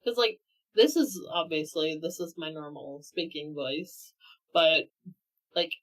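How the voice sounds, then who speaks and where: Woman guest in a casual chat, slow and unhurried, lively pitch. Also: poor audio.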